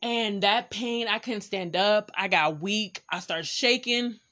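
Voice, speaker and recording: Brief: young woman, Bay Area accent, podcast host, frank casual storytelling, crisp bright tone. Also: mid-range voice, slow. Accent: San Francisco Bay Area. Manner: candid, animated, speaks straight to listeners.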